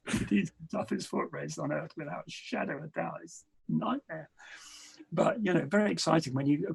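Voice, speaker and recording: A middle-aged man from England, a podcast guest telling adventure anecdotes in an animated way and acting out the dialogue. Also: fairly high pitch. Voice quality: gravelly, husky. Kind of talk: storytelling interview.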